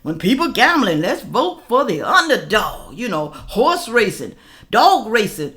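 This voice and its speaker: A woman's voice: mid-range voice, big pitch swings, normal speed, fairly bright tone. A woman hosting a reaction video, chatting casually to her viewers, repeating her points and calling them y'all. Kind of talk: casual commentary reacting to news.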